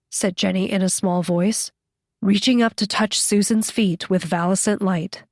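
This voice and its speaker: A woman reading an audiobook as its narrator, in a measured, scripted delivery. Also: medium pitch, fairly even intonation, no room sound, clean studio sound.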